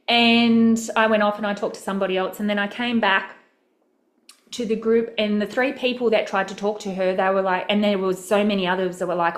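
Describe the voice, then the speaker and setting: A woman's voice: medium pitch, fairly even intonation, fairly quick, roomy sound. A woman coaching a group, telling a personal story in a candid, casual way and acting out the people in it. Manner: candid, swears casually, acts out quoted voices. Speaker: mastermind coach.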